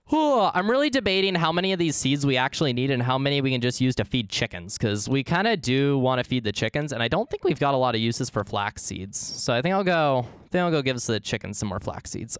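Man streaming a game, goofy and rambling, very lively pitch, smooth clear voice, dry sound. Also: no room sound. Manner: goofy, rambling, talks to chat. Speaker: live streamer. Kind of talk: casual gaming stream chatter.

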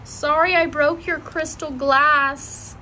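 A woman voicing a loud, excitable, clumsy little girl who talks in a high, eager voice. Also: slow pace, a little hiss or hum, exaggerated voice, rough recording. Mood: sorry.

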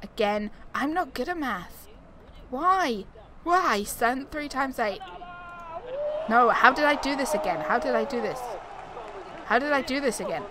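Brief: woman gaming streamer, chatty and exclaiming, fairly high voice, loud game crowd behind. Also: animated, measured pace, long pauses, noisy background. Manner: chatty, exclaiming, talks to herself while playing. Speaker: gaming YouTuber. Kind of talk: casual let's-play commentary. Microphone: desktop USB mic.

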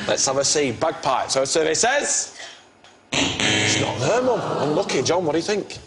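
A man's voice: a little high, big pitch swings, moderate pace. A man hosting a television game show, upbeat and jokey, teasing the contestants. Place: television studio with live audience. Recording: loud audience and studio noise.

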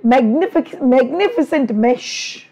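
A woman's voice: high-pitched, animated, slow pace, dark tone. A middle-aged woman teacher with an Indian English accent, chatting fondly with her students in a live online class, her throat a little strained from lecturing. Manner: chatty, affectionate, teasing with students.

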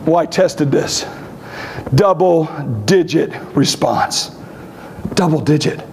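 A man's voice: fairly high pitch, takes it slowly, creaky, a little mellow, slight background noise. A man giving a conference keynote, telling blunt, brash stories with humor. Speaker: keynote speaker. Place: conference stage.

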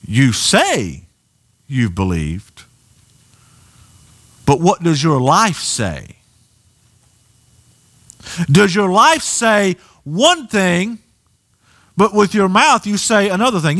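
Southern pastor preaching in church, swoops all over, gets loud. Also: male voice, very high-pitched, takes it slowly, pauses often. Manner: animated preaching, rising to near shouts. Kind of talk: sermon. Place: church sanctuary.

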